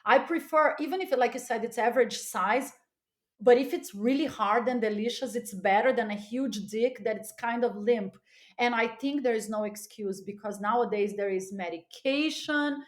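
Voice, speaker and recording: A woman guest on a podcast telling a candid, animated story, often laughing and repeating words for emphasis. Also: on the high side, normal speed.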